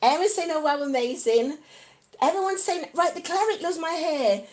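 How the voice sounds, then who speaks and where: Bubbly high-pitched woman vlogger. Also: normal speed. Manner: bubbly, giggly, excitable. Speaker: vlogger reading live chat. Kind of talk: casual live-stream chat.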